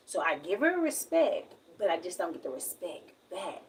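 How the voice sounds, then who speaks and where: A woman's voice: on the low side, big pitch swings, normal speed, few pauses, recorded from a distance, slight background noise, poor audio. A young woman with a Southern US accent, from Alabama, talking frankly and at length in a casual livestream. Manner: frank, rambling, emphatic.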